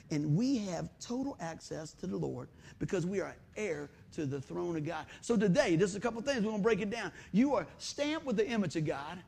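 Man, pastor, sermon, high pitched, energetic, loud and soft swings. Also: gravelly. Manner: energetic preaching, voice swings between loud bursts and quiet asides.

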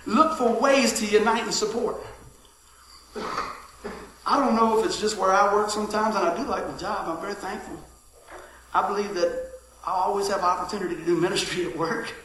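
A middle-aged pastor preaches in a bright, high voice. He tells stories, shifting from loud calls to quiet asides. His sermon rings through a very echoey church hall. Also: normal speed, slight background noise. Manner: lively storytelling, swings from shouting to hushed asides.

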